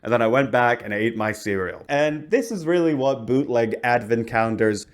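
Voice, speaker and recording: A man casually reviewing products and telling a story, animated and self-deprecating, laughing often and restarting sentences. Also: mid-range voice, moderate pace. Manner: rambling, restarts a lot. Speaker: YouTuber.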